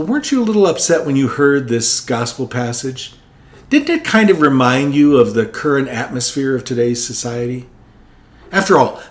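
A male Catholic priest reading the Gospel and preaching a Sunday homily in a conversational, candid way. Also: medium pitch.

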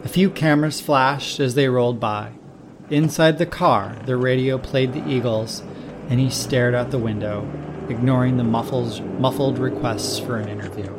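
A man hosting a short-story show, reading the narration in a calm, measured way. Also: medium pitch, background noise. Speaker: narrator and host.

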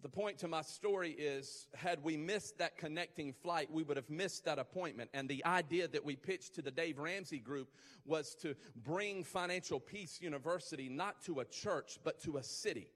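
Male pastor, emphatic preacher, high voice, long hall reverb. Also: moderate pace, a bit bright. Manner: emphatic, repetitive build-ups, rising intensity. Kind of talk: sermon.

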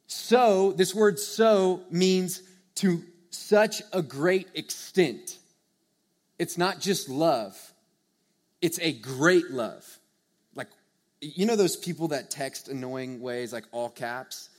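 A young man preaching a sermon to a live audience, earnest and conversational, swinging from hushed to loud emphasis. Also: a little high, slow. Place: church or meeting hall with a live audience.

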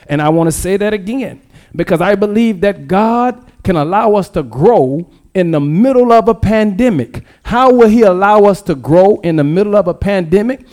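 A pastor preaching a sermon, calling for the congregation to repeat after him and repeating key phrases. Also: male voice, high voice, lively intonation, normal speed, darkish tone.

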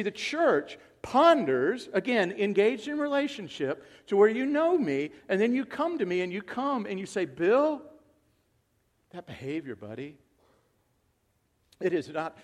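A man preaching a sermon to his congregation in a conversational way, acting out quoted voices and swinging from hushed asides to loud emphasis. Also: high-pitched. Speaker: pastor.

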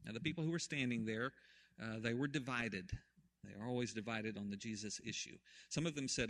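Guy preaching a sermon, bright punchy voice, goes quiet then loud. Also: mid-range voice, a little fast. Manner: dramatic retelling, swinging from hushed to loud. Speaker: pastor.

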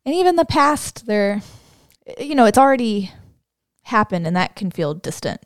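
A woman's voice: medium pitch, big pitch swings, normal speed, dry recording, clean studio sound. A woman who is a deaconess, co-hosting a church podcast in casual chat, friendly and musing aloud.

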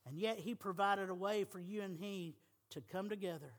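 A man's voice: sits high, normal speed. A middle-aged man preaching a sermon as pastor, emphatic and folksy, with humor.

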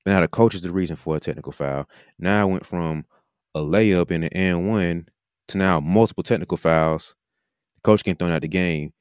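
Man, very deep voice, podcast host, casual animated monologue, dry close mic. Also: fairly quick, smooth, no room sound. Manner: animated, mimics coaches mid-sentence. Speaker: podcast host and basketball coach.

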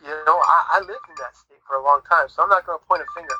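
Guy telling his faith story like a preacher, kinda high voice, dull lo-fi audio. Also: fast, sharp tone, slightly rough, no echo, faint music behind. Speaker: guest sharing testimony. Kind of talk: conversational Christian testimony.

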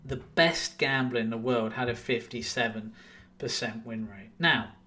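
A man's voice: mid-range voice, steady tone, measured pace, sharp tone. A man hosting a solo podcast, talking emphatically and conversationally, repeating points to stress them. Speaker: podcast host, trading software owner.

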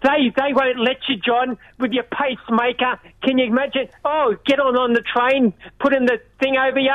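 Aussie guy heckling on a call-in, high voice, dull muffled phone sound. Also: level tone, normal speed, dry recording. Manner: mocking, heckling. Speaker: caller.

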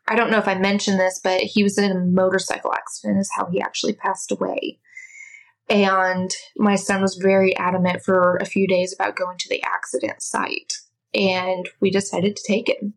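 A woman speaking as an interview guest, earnest and heartfelt. Her voice sits at a middle pitch, and she tells a personal faith story in plain conversation, now and then stumbling over and restarting a word. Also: low-quality recording.

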